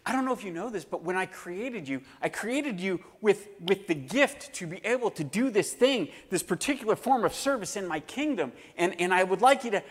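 Animated preacher man in a reverberant hall. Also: high-pitched. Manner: animated, acting out quoted voices. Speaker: pastor. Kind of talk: sermon.

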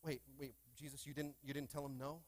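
A man preaching a lively sermon in a church, with call-and-response and playful asides to the congregation. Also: medium pitch, brisk. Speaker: pastor. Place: church sanctuary.

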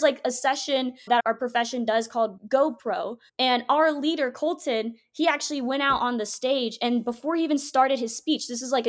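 A woman giving an earnest, emphatic faith testimony as a podcast guest, full of "like" as she talks. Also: fairly high pitch. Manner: earnest, emphatic storytelling with many "like"s.

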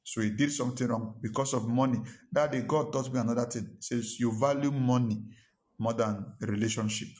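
A pastor delivers a sermon from the pulpit, telling a personal story and pressing its lesson on the congregation with emphatic repetition. His voice is male, middle-pitched and a little mellow, with a steady tone and a fairly quick pace.

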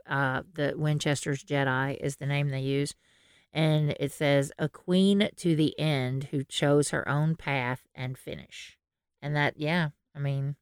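Low-voiced woman hosting a chatty podcast. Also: smooth, no echo, studio quality. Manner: reads social media posts aloud, laughs often. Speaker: podcast host. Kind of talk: casual podcast chat.

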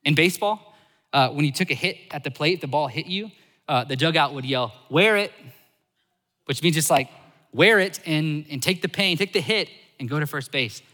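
A man preaching a sermon as a pastor, animated, switching between loud emphasis and soft asides. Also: fairly high pitch, fairly quick, long reverb tail.

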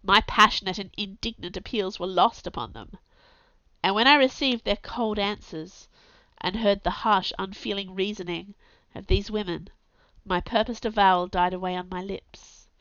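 Smooth-voiced woman reading a gothic tale. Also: medium pitch, normal speed, dry recording. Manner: anguished, intense, theatrical narration with sudden hushes. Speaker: narrator. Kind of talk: dramatic audiobook reading. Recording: slightly dull, dry recording.

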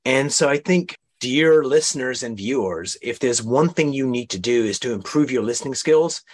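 A man's voice: mid-range voice, animated, normal speed. A man hosting an interview podcast, explaining ideas in a coaching, demonstrative way. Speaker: host.

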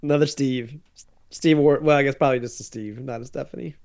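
A man's voice: mid-range voice, steady tone, fast talker, a little mellow. A man co-hosting a podcast, making jokey side remarks in casual chat. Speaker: podcast co-host.

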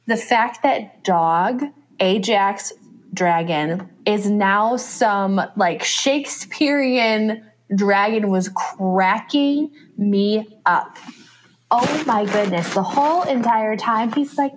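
A woman's voice: mid-range voice, takes it slowly, slight background noise. A woman co-hosting a book podcast, chatting casually, laughing often and acting out scenes. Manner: animated, laughs often, acts out quotes. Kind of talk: casual chat.

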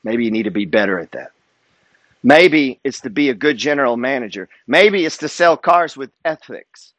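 A man's voice: medium pitch, animated, normal speed, a bit bright, dry recording. A man giving a motivational monologue as a wealth and trading coach, emphatic and preacher-like, swearing freely.

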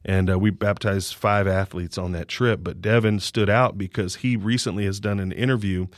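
A man's voice: fairly low pitch, steady tone, moderate pace, dry recording, clean studio sound. A man who leads a sports ministry, earnestly telling a story in an interview.

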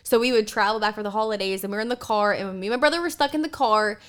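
A woman's voice: medium pitch, racing, clean tone. A young woman telling family stories in a casual chat, laughing often and acting out the quotes. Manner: animated, laughing, acts out quotes. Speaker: storyteller.

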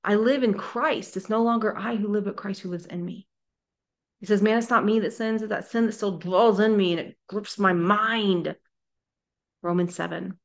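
A woman's voice: on the low side, creaky. Earnest woman teaching the Bible. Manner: earnest, emphatic, acts out quoted voices. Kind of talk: sermon-style teaching video.

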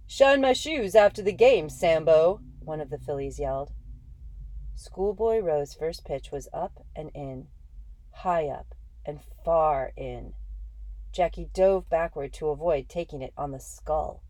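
A woman reading a first-person story aloud in a steady, measured way. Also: sits low. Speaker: audiobook narrator.

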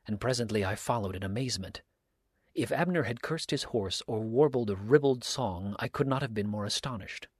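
Narrator: male, lower voice, dry close recording, steady audiobook reading. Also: slightly rough, no echo. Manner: steady, earnest storytelling.

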